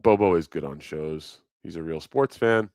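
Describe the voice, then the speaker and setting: A man's voice: deep voice, moderate pace, darkish tone, no room sound. A man hosting a live stream, chatting casually in a rambling, profane, joking way. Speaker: livestream host. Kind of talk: casual livestream chat.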